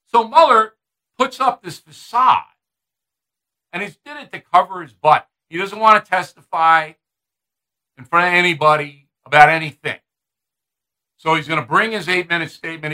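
Combative high-voiced male commentator. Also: brisk, long pauses, pushed and bright, rough recording. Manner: combative, emphatic, scornful. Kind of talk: opinion commentary.

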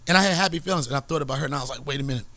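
A middle-aged man, the podcast host, telling a story in casual, profane, animated chat and laughing often. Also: mid-range voice, rapid-fire.

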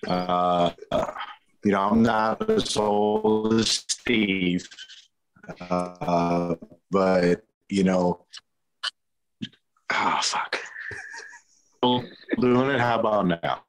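Deep-voiced guest, laid-back and profane, on a choppy online connection. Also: male voice, extremely slow, vocal fry, pauses often, slight background noise, poor audio. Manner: relaxed, swears casually. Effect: glitchy internet audio. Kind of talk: casual chat.

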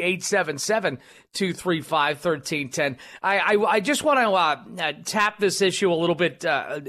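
Talking into a studio microphone, a talk radio host with a high, bright voice rambles through his monologue. He's full of fillers, false starts and restarts, and he pokes fun at himself along the way.

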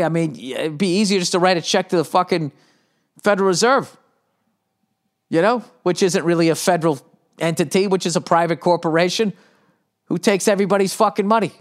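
Profane rambling man hosting a podcast. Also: high voice. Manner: profane, animated storytelling with asides. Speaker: podcast host. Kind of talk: rambling solo comedy podcast.

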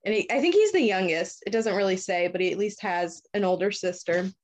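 A woman's voice: medium pitch, lively intonation, a little fast, darkish tone. A young woman hosting a casual chat, loosely retelling a short story with lots of fillers and swearing. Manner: loose and profane, heavy fillers. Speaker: podcast host.

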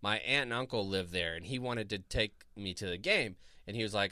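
A man's voice: low voice, brisk, pushed and bright, clear, resonant tone, no room sound, clean studio sound. A man in his thirties from Florida, co-hosting a podcast and telling laid-back stories with frequent laughter. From Florida, USA. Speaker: podcast co-host. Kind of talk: casual chat and storytelling.

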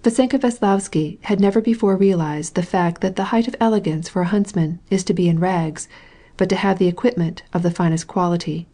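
A woman reads a classic novel aloud as an audiobook narrator, keeping her storytelling measured and even. Her voice sits on the low side.

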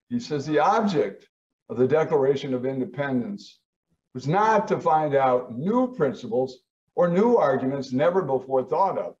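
A man giving a lecture, stressing key words with sharp rises in pitch. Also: far from the mic, dull audio. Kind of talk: lecture on founding history.

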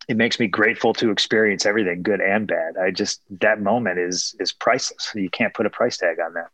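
A man from Chicago talks in a lowish voice, reflecting on his fighting days in earnest, rambling interview answers full of restarts. The sound is dry and close, with no room around it. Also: fairly even intonation, brisk, hardly any pauses, a bit bright, no echo, poor audio. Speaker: former fighter and MMA broadcaster.

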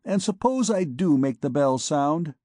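A man's voice: fairly high pitch, expressive, measured pace, warm tone, dry recording, clean studio sound. A man reading an audiobook, voicing a frightened, bewildered young male poet who pleads anxiously.

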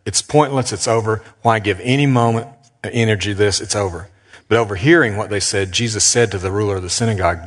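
A man preaching a sermon as a pastor, earnest and emphatic, slowing down with dramatic pauses. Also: fairly low pitch, fairly bright tone, big-room sound.

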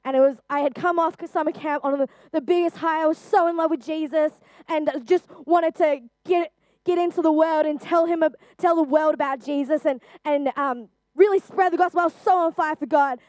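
A woman's voice: sits high, steady tone, brisk, a little mellow, no room sound, studio quality. A young woman giving a personal testimony to a group, speaking earnestly and chattily with frequent fillers. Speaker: youth speaker.

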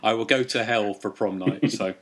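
A man's voice: lowish voice, normal speed, fairly bright tone. A man hosting a casual podcast chat, talking in a chatty way with many hesitations. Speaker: podcast host.

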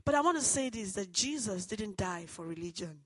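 A woman giving an earnest personal testimony that turns into preaching, moving between hushed and loud, fervent passages. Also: medium pitch, lively intonation, normal speed, no echo, rough recording. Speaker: testimony speaker.

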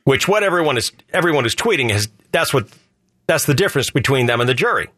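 A male radio host chats in loose, joking banter and rambles from one point to the next. His voice is slightly husky and swings widely in pitch. The sound is close and dry, with no room around it. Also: very animated, fast talker, sharp tone, dry recording. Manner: joking, rambling, asks leading questions. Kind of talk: casual talk radio banter.

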